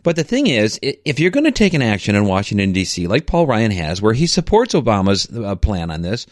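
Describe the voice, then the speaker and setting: A man's voice: on the low side, wildly swooping pitch, fairly quick, hardly any pauses, no echo, clean studio sound. A man hosting a political talk radio show, speaking emphatically and indignantly.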